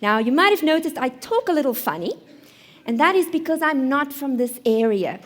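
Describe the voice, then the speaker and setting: High-voiced South African woman host. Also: expressive, normal speed. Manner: playful, self-mocking, emphatic. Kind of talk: stand-up monologue. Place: live studio stage.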